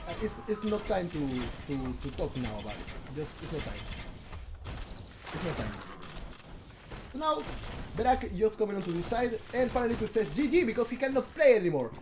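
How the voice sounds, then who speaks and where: A man's voice: sits high, normal speed, long pauses, background noise. Guy casting a strategy game on stream, bouncy up and down voice, lots of restarts, chatting w his viewers. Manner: excitable, talks to chat, many restarts and repeats. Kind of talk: live stream game commentary.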